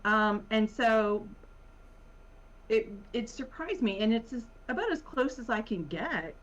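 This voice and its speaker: A woman with a Virginia accent, a guest in a casual talk, rambling with many pauses and fillers and laughing often. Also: a little high, lively intonation, a bit bright. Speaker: podcast guest. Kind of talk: casual conversation. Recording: muffled lo-fi audio.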